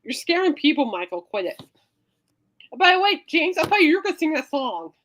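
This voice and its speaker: A woman's voice: high voice, big pitch swings, a little fast, fairly bright tone, a little hiss or hum. A woman hosting a podcast in casual chat, playful and teasing, rambling from joke to joke. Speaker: podcast host.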